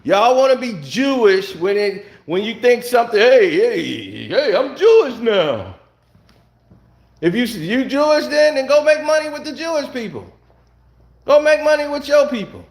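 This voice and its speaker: A man with a very high voice for a man tears into a heated solo rant from home. He talks bluntly and angrily and keeps throwing out rhetorical questions. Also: animated, moderate pace. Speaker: online commentator.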